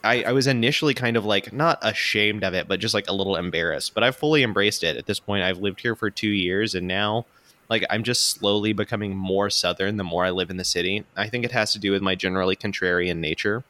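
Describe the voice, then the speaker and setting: A man's voice: fairly low pitch, fast talker, pushed and bright. A young man from Florida, chatting casually as a podcast host, rambling with many fillers and a self-mocking tone. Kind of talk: casual chat.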